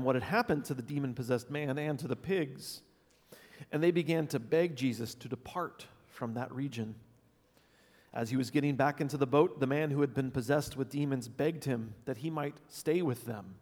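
Guy reading the bible out loud, kinda high voice, big echoey hall. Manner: expressive reading, voices the quoted lines with emphasis. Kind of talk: scripture reading. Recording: long hall reverb.

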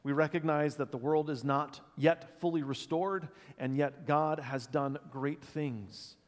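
A man preaching a sermon as pastor, thoughtful and unscripted, pausing with fillers and restarts. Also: fairly high pitch, steady tone. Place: church sanctuary. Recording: long church reverb.

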